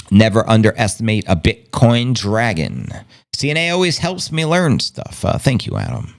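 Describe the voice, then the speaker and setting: A man's voice: a little high, gravelly. A man hosting a live stream, chatting casually and reading viewers' comments aloud. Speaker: livestream host. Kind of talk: casual livestream chat.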